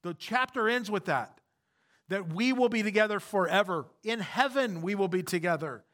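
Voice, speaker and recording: A man's voice: high-pitched, expressive, moderate pace, fairly bright tone. A man preaching a sermon as pastor, emphatic and repeating his key points.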